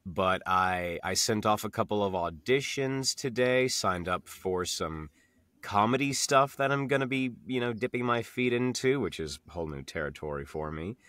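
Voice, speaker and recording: Easygoing man with a bright, low voice. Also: normal speed, dry recording. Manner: easygoing, relaxed storyteller. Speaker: voice actor guest. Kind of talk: casual podcast chat.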